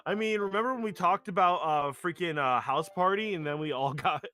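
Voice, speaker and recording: A voice actor co-hosting a podcast, talking excitably in rambling bursts full of restarts. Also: mid-range voice, fairly quick. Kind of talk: casual chat with live audition reads.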